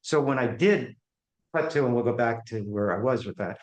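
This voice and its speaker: A man's voice: mid-range voice, moderate pace. A man, a podcast guest, telling stories from his career and acting out the voices of people in them. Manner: animated, acts out the voices in his anecdotes. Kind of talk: storytelling in an interview. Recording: echoey room.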